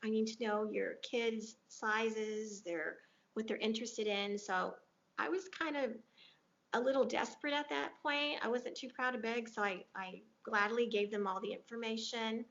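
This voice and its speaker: A woman's voice: fairly high pitch, steady tone, normal speed, fairly bright tone. A woman guest in an interview, earnestly retelling a moving personal story and quoting what people said to her. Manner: earnest, emotional retelling with quoted dialogue. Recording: dull lo-fi audio.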